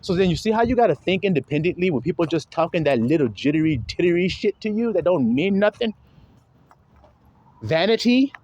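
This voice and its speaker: A man's voice: a little high, darkish tone, a little hiss or hum. Blunt, emphatic preaching man. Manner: emphatic, blunt, profane, mimics others. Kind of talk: informal preaching monologue.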